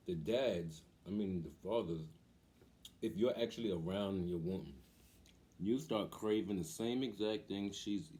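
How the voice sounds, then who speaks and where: A young man with a fairly low voice hosts a vlog, telling a casual story with lots of animation and acting out the voices of the people in it.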